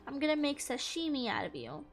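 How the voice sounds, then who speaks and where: High-voiced playful woman gamer. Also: big pitch swings, fairly quick, soft background music. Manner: playful, mock-exasperated, talks to the fish. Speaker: gaming streamer. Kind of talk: casual gameplay commentary.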